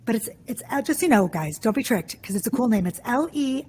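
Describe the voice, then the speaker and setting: A woman's voice: a little high, expressive, a little mellow, a little hiss or hum. A woman around fifty hosting a podcast interview, effusive and chatty, heaping praise on her guest. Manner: effusive, gushing, quick and chatty. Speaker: podcast host.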